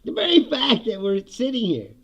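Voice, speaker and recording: Brief: gravelly male host, high and animated, sarcastic political rant with frequent laughs. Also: a little fast. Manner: sarcastic, laughing often, profane.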